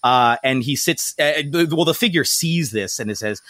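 A man's voice: mid-range voice, expressive, normal speed, hardly any pauses, fairly bright tone, no echo. A man narrating and improvising as a tabletop game master, with loose, searching phrasing. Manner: improvised, many fillers and restarts, laughs often.

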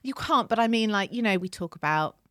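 A woman's voice: mid-range voice, lively intonation, brisk, a bit bright, no room sound. London woman podcast host, chatty and sweary, close dry mic. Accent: London English. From England. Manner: chatty, swears freely, laughs often. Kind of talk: casual chat.

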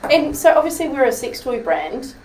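A woman's voice: sits high, very animated, normal speed. A woman hosting a podcast, asking curious questions in a casual interview. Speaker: podcast host. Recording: roomy, distant mic with clear background noise.

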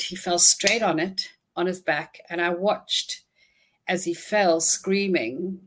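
A woman recounting a personal ordeal in an interview, halting and restarting often, audibly shaken but holding herself together. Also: on the low side, a bit bright. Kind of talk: emotional first-person storytelling.

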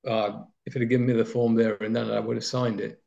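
A man's voice: fairly low pitch, flat delivery, fast, gravelly, warm tone. A man, recalling his footballing days in a rambling, anecdotal interview with many fillers. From Nottinghamshire, England. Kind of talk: reminiscing interview. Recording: slightly dull lo-fi sound.

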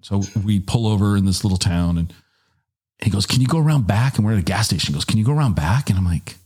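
A middle-aged man telling a long anecdote in a casual, animated way, jumping up in pitch when he quotes people. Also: fast, slightly rough. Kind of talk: casual storytelling.

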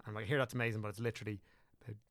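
Brief: young Irish man, podcast guest, gravelly voice, dry close mic, loose rambling talker. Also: on the low side, little pitch movement, racing, no room sound. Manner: rambling, self-correcting, chatty. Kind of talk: casual podcast chat.

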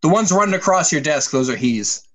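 Chill guy chatting on a podcast, bit high voice, lots of ups and downs. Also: fairly quick. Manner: relaxed, easygoing, laughs along. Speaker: podcast co-host. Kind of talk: casual podcast chat.

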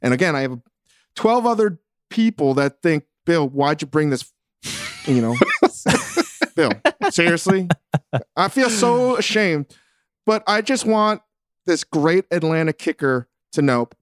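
Guy hosting a podcast, kinda high voice, swears a lot, bouncy delivery, dry close mic. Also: moderate pace, no room sound. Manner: animated, swears freely, self-mocking. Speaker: podcast host. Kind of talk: casual chat.

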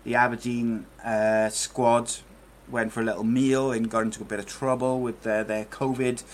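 A man's voice: mid-range voice, flat delivery, normal speed, slight background noise. Chatty man hosting a football podcast. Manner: chatty, rambling, many fillers. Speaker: podcast host. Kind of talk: casual chat.

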